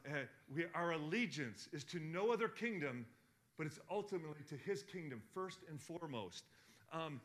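A middle-aged man preaching a sermon, asking the congregation questions and swinging from hushed to loud. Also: a little high. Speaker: pastor.

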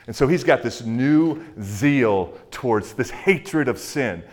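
A male pastor giving a conversational sermon with plenty of fillers and acted-out quotes, then dropping to a hushed voice to pray. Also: mid-range voice, expressive, slow pace. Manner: drops to a hushed, soft voice in prayer.

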